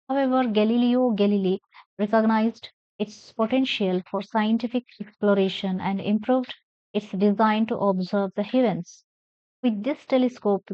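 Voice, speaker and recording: A woman's voice: medium pitch, a little mellow, no echo, dull audio. A woman teaching an English lesson, spelling words letter by letter and stressing syllables as she reads aloud.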